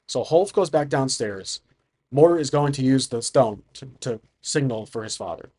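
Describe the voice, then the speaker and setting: A man narrating his own solo tabletop game, thinking aloud as he weighs the rules and rolls dice. His voice sits at a middle pitch, and his delivery is casual and exploratory. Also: expressive, normal speed, mellow, slightly rough.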